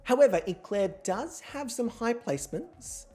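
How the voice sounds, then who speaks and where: A woman's voice: fairly high pitch, animated, measured pace, warm tone. Playful, theatrical woman hosting a show. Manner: playful, theatrical, swears casually. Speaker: host. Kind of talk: livestream game show hosting.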